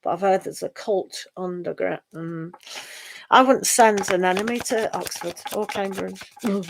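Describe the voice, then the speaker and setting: A woman's voice: mid-range voice, vocal fry. A middle-aged woman with a British accent, a tarot reader chatting casually with her live-stream viewers, sighing and laughing as she talks. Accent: British English. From England. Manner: chatty, sighing and laughing, drawn-out slow talk.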